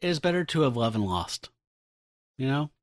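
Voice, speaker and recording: Wry podcast co-host, lively voice. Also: male voice, mid-range voice, normal speed, dry recording, clean studio sound. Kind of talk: casual comic-book discussion.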